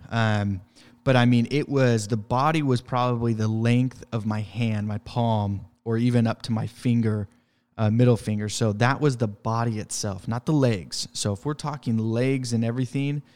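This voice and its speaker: A man's voice: mid-range voice, a little mellow, long reverb tail. A man who works in pest control tells a travel story casually, rambling with fillers and restarts.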